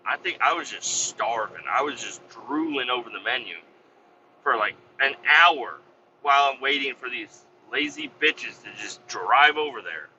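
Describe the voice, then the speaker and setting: Working-guy podcast host with a piercing, bright voice, swearing through a petty gripe; muffled lo-fi sound. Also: medium pitch, expressive, moderate pace, a little hiss or hum. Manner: profane, exasperated, rambling. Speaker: vac truck operator. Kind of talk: casual ranting storytelling.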